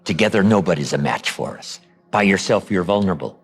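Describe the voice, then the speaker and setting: An older man giving a motivational seminar talk, acting out quoted lines with dramatic pauses. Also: low voice, animated, husky, faint music behind. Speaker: motivational speaker.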